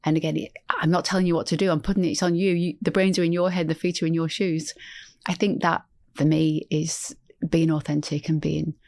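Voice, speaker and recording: A woman's voice: deep voice, little pitch movement, brisk, gravelly, a little mellow, dry recording. A middle-aged woman and healthcare executive, talking earnestly as a podcast guest, often restarting her sentences. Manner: earnest and heartfelt, frequent restarts. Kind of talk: conversational podcast interview.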